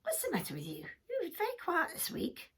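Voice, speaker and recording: Woman doing a low curious little pig. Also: wildly swooping pitch, quick pace, vocal fry, a bit bright, heavily acted.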